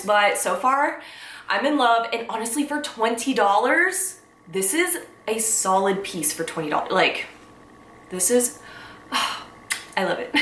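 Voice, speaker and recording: A woman's voice: fairly high pitch, far from the mic, a little hiss or hum. Gushing young woman, echoey room. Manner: gushing, excitable, emotional. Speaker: vlogger. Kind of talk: casual unboxing vlog.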